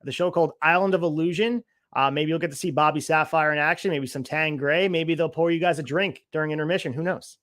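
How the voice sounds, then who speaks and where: A man hosting an interview in a fairly high voice, upbeat and promotional. His sound is dry and close, with no room around it. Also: quick pace, few pauses, a bit bright, dry recording. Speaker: podcast host.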